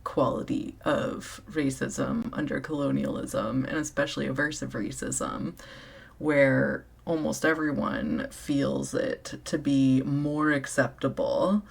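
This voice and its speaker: A speaker with a gravelly, creaky voice talks casually and earnestly, thinking things through aloud. The delivery is reflective and unhurried, with a mid-range pitch. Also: little pitch movement.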